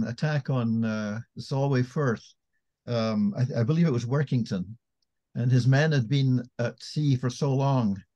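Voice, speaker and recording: Guy commenting in a q&a, warm low-ish tone, chatty, muffled call audio. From Scotland. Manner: chatty, friendly, corrective. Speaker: audience member. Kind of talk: casual comment in a Q&A.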